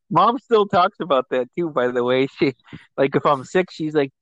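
A man's voice: fairly high pitch, animated, unhurried, a bit bright, no echo, dull audio. A man in his thirties hosting a casual chat, who laughs often, swears freely and rambles. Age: 30s. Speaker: host.

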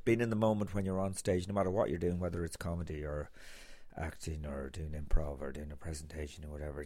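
Irish man, low voice, dry close sound, rambling podcast talk. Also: a little mellow, no echo. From Ireland. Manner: rambling, many fillers and restarts. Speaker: podcast host and comedian. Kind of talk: casual podcast monologue.

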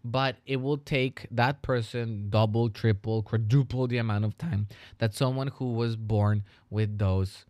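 Teacher guy doing his podcast solo, smooth voice, dry close mic, chatty. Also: mid-range voice, unhurried, few pauses, no echo. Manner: conversational, animated when retelling stories. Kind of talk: solo educational podcast talk.

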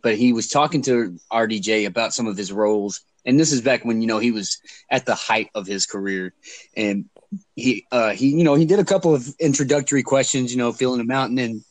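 A man's voice: mid-range voice, fairly quick, dry recording. Brash, laughing man in a dry room. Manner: brash, swears and laughs a lot. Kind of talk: casual chat among friends.

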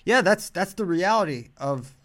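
A man co-hosting a podcast, chatting casually about wrestling picks with quick, animated banter. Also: high-pitched. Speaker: podcast co-host. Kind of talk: casual sports chat.

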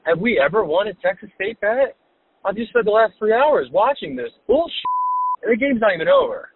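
A man calling into a hotline to rant, exasperated and swearing, with a raspy voice. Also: high-pitched, expressive, a little fast, noisy background. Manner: exasperated, profane ranting. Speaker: hotline caller. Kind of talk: ranting voicemail. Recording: tinny phone line.

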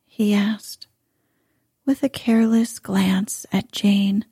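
Woman storyteller, bedtime story, hushed and breathy, mellow tone. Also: medium pitch, level tone, no echo, clean studio sound. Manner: soft, hushed, drawn-out delivery. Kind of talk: soothing bedtime story reading.

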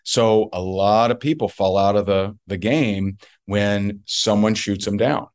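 A man's voice: fairly low pitch, fairly even intonation, measured pace, a little mellow. A man being interviewed as a guest, telling a story emphatically and repeating points for effect. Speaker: guest, network marketer.

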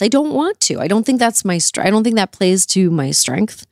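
A woman's voice: medium pitch, very animated, moderate pace, hardly any pauses, a little mellow, no room sound, studio quality. A woman host answering interview questions in a heated, emphatic, profane way, with bursts of indignation. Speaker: talk show host.

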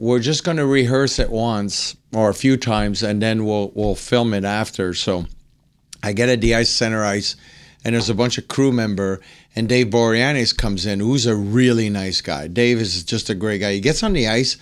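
Male guest, lively anecdote teller, does voices for quoted people. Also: moderate pace, smooth. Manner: acts out quotes, swings higher when excited. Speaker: podcast guest. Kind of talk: animated storytelling.

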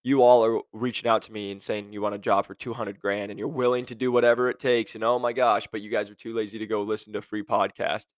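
A man's voice: fairly low pitch, flat delivery, fast, few pauses, no room sound. A man hosting a podcast, talking in a blunt, sarcastic rant to his listeners. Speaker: podcast host. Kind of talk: casual monologue.

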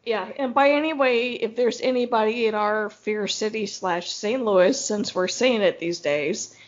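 A woman co-hosting a podcast, talking in a loose, rambling way with frequent laughter. Her voice sits on the higher side and comes through a dull, lo-fi recording. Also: unhurried. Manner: chatty and rambling, laughs often. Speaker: podcast co-host. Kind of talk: casual chat.

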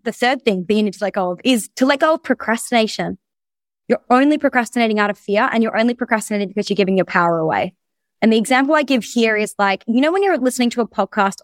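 Woman coach, high voice, rapid-fire, blunt and sweary, dry close sound. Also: no room sound. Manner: energetic, blunt, swears freely. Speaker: business coach. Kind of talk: recorded presentation.

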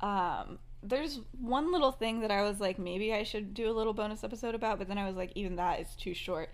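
A young woman hosting a podcast, casually telling a fan-fiction story. She laughs often and acts out the characters' lines as quick quotes. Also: medium pitch. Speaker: podcast host.

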